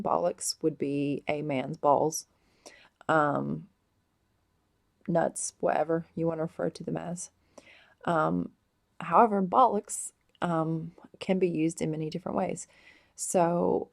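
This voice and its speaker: A woman explaining slang words in a casual vlog, hesitant and full of drawn-out ums. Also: sits low, gravelly. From United States. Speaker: vlogger explaining British slang.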